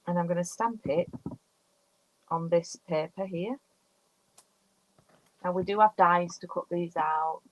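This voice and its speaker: Pausing often at a measured pace, a UK woman in her fifties with a lowish voice talks casually through her card-making process on a live stream, stopping to read out comments from viewers. The sound is lo-fi with a faint hiss or hum.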